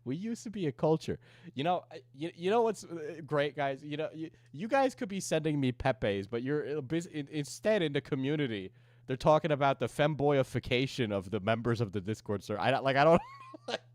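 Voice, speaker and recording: A man's voice: fairly high pitch, lively intonation, a little fast, no echo. A man streamer giving casual, rambling reaction commentary and chuckling often.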